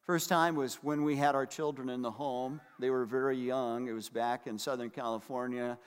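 A man's voice: medium pitch, fairly even intonation, normal speed, smooth. An older man preaching a sermon as pastor, emphatic and repeating key phrases for weight. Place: church hall. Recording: reverberant hall.

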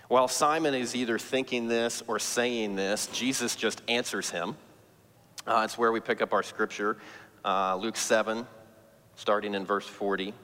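A man's voice: fairly low pitch, steady tone, a little slow, fairly bright tone, long reverb tail. A man preaching a sermon as pastor, telling the story with emphatic, rising stress.

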